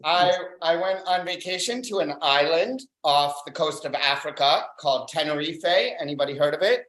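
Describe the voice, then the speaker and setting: An open mic stand-up comedian with a medium-pitched voice delivers a dry, deadpan set on a club stage. The one-liners come with frequent filler pauses, and the room gives a roomy echo.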